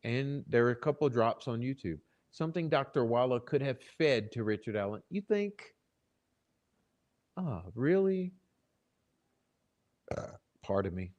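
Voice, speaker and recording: A man's voice: medium pitch, brisk, muffled recording. Swearing, heated male stream host. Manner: swears often, shifts from loud outbursts to muttering. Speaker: channel host. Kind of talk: live-stream commentary. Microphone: desk microphone.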